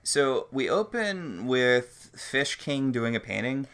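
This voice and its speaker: Very low-voiced woman with dry wisecracks. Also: very animated, takes it slowly. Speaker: podcast co-host. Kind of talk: casual chat recapping a TV episode.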